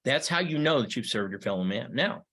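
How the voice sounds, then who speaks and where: A man's voice: mid-range voice, animated, fairly quick, fairly bright tone. Middle-aged male history teacher, emphatic, rhetorical lecture style. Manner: emphatic, with repeated rhetorical questions. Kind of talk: classroom lecture.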